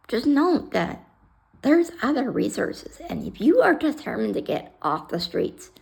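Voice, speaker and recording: Gravelly, animated woman telling a blunt story. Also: on the high side. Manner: blunt, swears freely, acts out other people's lines. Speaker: vlogger telling her own story. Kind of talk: casual storytelling to camera.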